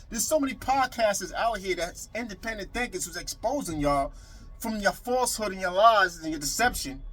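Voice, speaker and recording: A man's voice: sits high, a bit bright, low-quality recording. A man delivering a heated political rant to the camera, repeating himself and calling out his critics directly. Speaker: video commentator.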